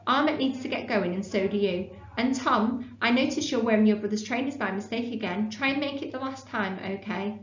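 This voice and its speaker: A woman's voice: on the high side, brisk, hardly any pauses, reverberant, dull audio, close to an everyday voice. A woman reading aloud and voicing a kind but firm female schoolteacher talking to children in a storybook. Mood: gentle.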